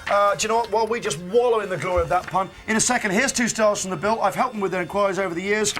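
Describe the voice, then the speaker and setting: A man's voice: high-pitched, rapid-fire. A man hosting a live breakfast TV show, bantering and reading puns with mock fanfare. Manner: playful, hammy, reads puns with mock fanfare. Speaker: breakfast TV host. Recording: loud music bed underneath. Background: music.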